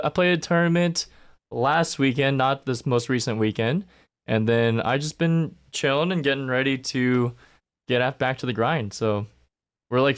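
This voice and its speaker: A man co-hosting a casual podcast, talking in a relaxed, easygoing way with plenty of fillers. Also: mid-range voice, clear, resonant tone. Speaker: podcast co-host.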